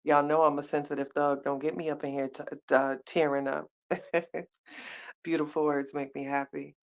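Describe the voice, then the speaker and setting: A woman's voice: low voice, level tone, normal speed. A woman in her thirties hosting a live chat, giving heartfelt motivational talk, repeating her phrases and greeting viewers by name. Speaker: livestream host. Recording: dull lo-fi livestream audio.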